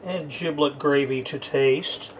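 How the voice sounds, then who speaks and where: A man's voice: a little high, steady tone, slow, a little hiss or hum. A man narrating his own cooking in a home kitchen, dry and wry. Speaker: home cook.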